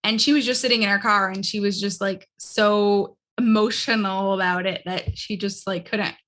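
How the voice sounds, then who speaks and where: Host, woman, bright forceful tone, chatty and loose, lots of "like" fillers. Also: medium pitch, steady tone, moderate pace. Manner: chatty, fills speech with "like". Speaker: podcast host. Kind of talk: casual conversational interview.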